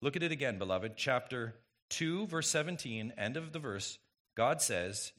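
A man's voice: medium pitch, animated, moderate pace, a bit bright. A man preaching a sermon as pastor, emphatic and full of rhetorical questions to the congregation.

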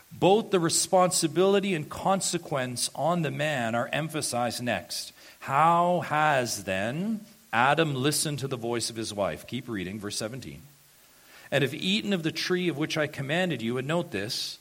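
Male pastor, emphatic sermon delivery, swings between hushed low stretches and loud, drawn-out stresses. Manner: emphatic preaching, slows and swells on key points.

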